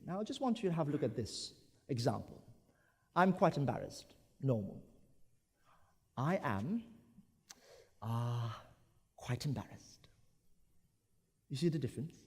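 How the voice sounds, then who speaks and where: Animated man speaking in a hall. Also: medium pitch, husky. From Brunei. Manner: animated, acts out examples. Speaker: conference speaker. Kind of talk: conference talk. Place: large conference hall. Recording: echoey conference hall.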